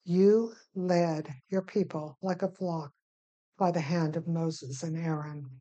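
Slow, mellow-voiced woman teaching scripture. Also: deep voice, steady tone, dull audio. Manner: unhurried, gentle, with filler pauses; reads scripture slowly and deliberately. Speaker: Bible teacher. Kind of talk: devotional teaching and scripture reading.

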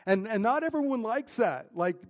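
Middle-aged man, pastor, conversational sermon, slightly high voice. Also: expressive, moderate pace. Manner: conversational preaching with frequent "man" and "right?".

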